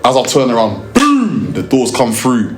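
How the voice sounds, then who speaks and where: A young man with a London accent tells a lively, slang-heavy story from his work filming music videos. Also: mid-range voice, unhurried, roomy sound. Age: young adult. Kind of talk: storytelling interview.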